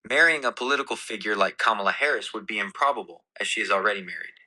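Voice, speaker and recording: A man's voice: on the low side, fast, poor audio. A man's synthetic assistant voice answering in a polite, formal tone. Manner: polite, formal, even-toned.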